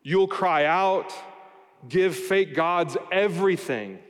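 A man's voice: high voice, animated, takes it slowly, clean tone. A man preaching a sermon, explaining a scripture passage verse by verse and adding wry everyday asides. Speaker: pastor. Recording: long hall reverb.

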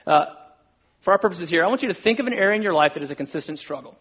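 A man's voice: sits high, expressive, racing, fairly bright tone, slightly rough. A middle-aged male pastor giving a casual, self-deprecating sermon and acting out quoted conversations.

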